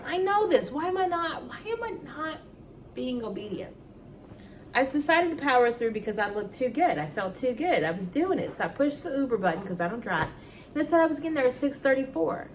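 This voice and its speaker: A woman's voice: sits high, big pitch swings, fairly quick, recorded from a distance, slight background noise. A woman talking earnestly and emotionally to her viewers about faith in a personal vlog at home. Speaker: vlogger. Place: at home indoors.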